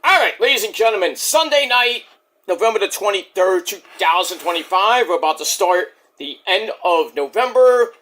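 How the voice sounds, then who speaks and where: A man's voice: sits high, lively intonation, normal speed, bright, forceful tone. A man giving a brash, boastful, rambling spiel to open his own channel's video. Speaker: YouTuber.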